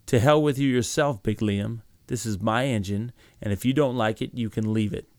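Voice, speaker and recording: A man's voice: medium pitch, normal speed, a little mellow, dry recording, close to an everyday voice. A man voicing a blunt, defiant working man who stands up to his boss in a storybook reading.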